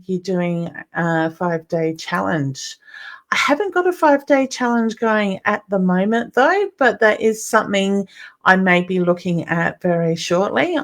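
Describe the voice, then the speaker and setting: A middle-aged woman with an Australian accent and a somewhat low voice chats through a live stream. She greets viewers by name and calls them honey as she reads out their comments, in an easy, running talk that stays personal throughout. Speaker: psychic medium hosting a live stream.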